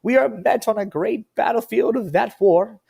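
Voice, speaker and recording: A man doing a put-on voice of a solemn 1860s statesman, declaiming a speech slowly and grandly. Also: sits high, vocal fry, a little mellow, breathy edge, pitched above the performer's own voice, heavily acted. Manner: slow, drawn-out, declaiming oratory.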